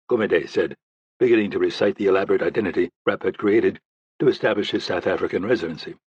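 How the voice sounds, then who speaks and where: A man narrating a thriller audiobook in a steady, even storytelling manner. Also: low-pitched, fast, husky, dry recording, muffled recording.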